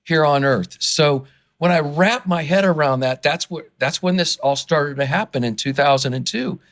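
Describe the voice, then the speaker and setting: A man talks as a guest on a podcast interview, with a somewhat high voice. He is earnest and passionate and easily gets worked up. His sentences tumble out with restarts and repeated words. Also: normal speed, fairly bright tone. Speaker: interview guest, fundraising consultant.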